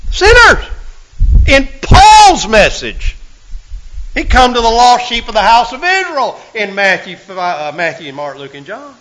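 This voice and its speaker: A man preaching a sermon, folksy and full of rhetorical questions, swinging from loud to hushed. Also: high voice, wildly swooping pitch, measured pace, low-quality recording.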